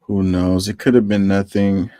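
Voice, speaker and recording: Low-voiced man reacting to the news. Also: normal speed, no echo, clean studio sound. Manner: reads viewer comments aloud, animated rhetorical questions. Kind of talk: casual reaction commentary.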